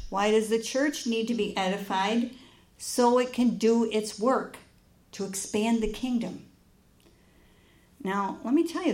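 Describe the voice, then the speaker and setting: A woman preaching in a church, telling a personal story with lively acted-out dialogue. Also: medium pitch. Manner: animated storytelling, acts out dialogue.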